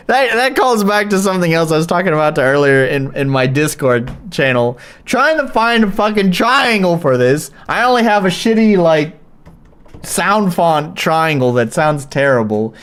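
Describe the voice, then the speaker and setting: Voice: mid-range voice, lively intonation, moderate pace, fairly bright tone. A live streamer in casual chat, swearing often and rambling with restarts and fillers.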